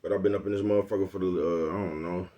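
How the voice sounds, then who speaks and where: A relaxed man talks straight to his own channel's viewers in a slightly low voice. He brags easily about his own skills, chuckles between phrases and loops back to the same catchphrase. He sounds unhurried and loose. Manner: laid-back, boastful, keeps asking "you know what I'm talking about". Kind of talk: casual rambling vlog talk.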